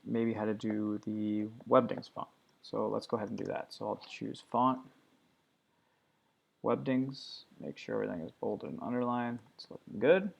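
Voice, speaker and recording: Gravelly-voiced man walking through a tutorial. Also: on the low side, lo-fi sound. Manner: relaxed step-by-step walkthrough talk. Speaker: teacher. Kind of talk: screen-recorded software tutorial.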